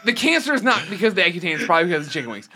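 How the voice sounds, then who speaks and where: A man's voice: high voice, sing-song, rapid-fire, bright, forceful tone. A man in his thirties hosting a casual podcast chat, blunt and self-deprecating with lots of swearing. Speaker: podcast host.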